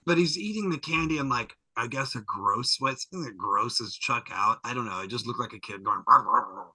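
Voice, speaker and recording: A man guest on a podcast, recapping an episode in a lively, jokey way and slipping into character voices. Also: mid-range voice, brisk, dry recording, poor audio. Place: podcast studio.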